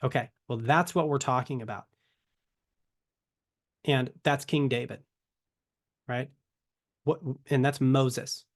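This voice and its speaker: A man's voice: medium pitch, steady tone, slow pace, pauses often. A man giving a casual Bible teaching to camera, conversational and full of rhetorical questions. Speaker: ministry teacher.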